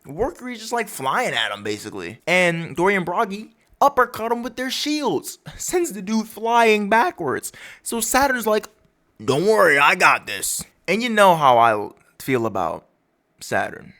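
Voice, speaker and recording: A man's voice: high voice, sing-song, measured pace, fairly bright tone. A man casually breaking down a comic chapter for his channel in a rambling, storytelling way. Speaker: manga recap YouTuber.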